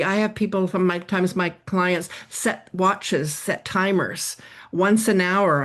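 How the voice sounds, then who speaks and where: A woman psychotherapist explaining ideas in a podcast interview, animated, acting out examples as she goes. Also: on the low side. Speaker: psychotherapist guest.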